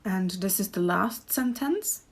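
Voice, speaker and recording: A woman's voice: medium pitch, animated, measured pace, breathy edge. A woman teaching a pronunciation lesson, speaking carefully and repeating each phrase so learners can practice. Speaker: Czech language teacher.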